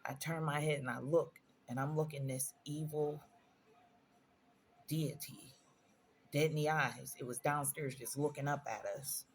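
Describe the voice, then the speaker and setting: A woman's voice: low-pitched, steady tone, measured pace, pauses often, a little hiss or hum. A woman vlogger telling personal stories in a casual storytime monologue, earnest and emphatic, repeating phrases for stress.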